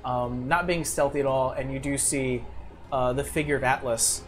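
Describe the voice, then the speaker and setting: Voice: medium pitch, steady tone, faint music behind. Casual tabletop game master narrating. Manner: casual, halting with fillers.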